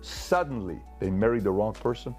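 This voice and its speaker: A man's voice: fairly low pitch, lively intonation, moderate pace, darkish tone, soft background music. A man giving relationship advice in an emphatic, repetitive, preachy motivational talk.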